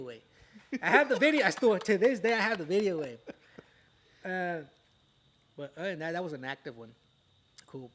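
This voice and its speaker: Man, young adult, from southern california, slightly high pitch, casual storytelling, profane street slang. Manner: profane, streetwise slang, tag words "way" and "fool". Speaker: podcast guest, rapper.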